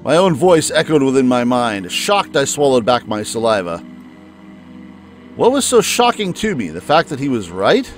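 A man's voice: medium pitch, big pitch swings, moderate pace, faint music behind, voice pushed down, close to an everyday voice. A man reading a wounded young man's first-person narration aloud from a visual novel, in a plain, lightly dramatic way.

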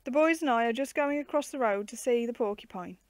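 In a storybook reading, a woman voices a patient, gently teasing uncle who explains zoo animals to children. Her voice is very high-pitched and fairly quick, with a clean tone and no echo.

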